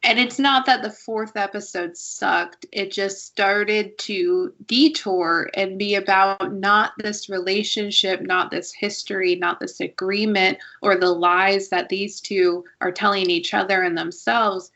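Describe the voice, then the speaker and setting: A woman's voice: mid-range voice, steady tone, unhurried, few pauses, pushed and bright, dull audio. A woman hosting a podcast, chatting casually and giving opinions on shows with frequent restarts. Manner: talkative, many restarts, opinionated. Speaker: podcast host. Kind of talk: casual review chat.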